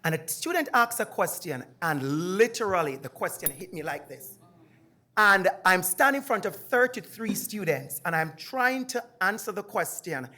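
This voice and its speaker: A man's voice: high-pitched, expressive, moderate pace, sharp tone. A middle-aged man with a Jamaican accent, a university lecturer speaking emphatically and animatedly as he shares a personal story on a panel. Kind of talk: personal testimony at a panel discussion.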